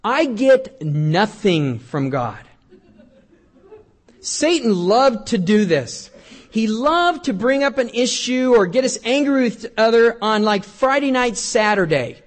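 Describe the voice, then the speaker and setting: A middle-aged male pastor preaching a sermon in a conversational, joking way, reading scripture aloud and swinging between loud and quiet. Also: very high-pitched, big pitch swings, slow.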